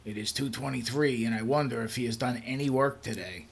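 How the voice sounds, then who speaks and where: A man's voice: medium pitch, steady tone, a little fast, vocal fry, slightly rough. A man reading a first-person story in a dry, matter-of-fact way.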